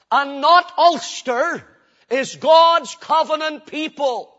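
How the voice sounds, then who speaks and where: A man delivers a sermon in a strikingly high voice. He swings between loud, emphatic declarations and quiet, intense stretches. The recording is dull and lo-fi. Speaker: preacher.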